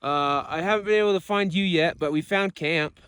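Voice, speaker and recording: A man on a windy high mountain, cold and tired, talking casually and hesitantly with many fillers. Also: normal speed, a bit bright, clear, resonant tone, dry recording. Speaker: mountain biker on expedition. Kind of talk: casual vlog chat.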